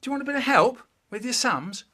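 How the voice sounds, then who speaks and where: A man voicing a boy, the narrator's cheerful older brother, who speaks in a bright, eager way. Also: extremely high pitch, expressive, fast talker, pitched above the performer's own voice, heavily acted.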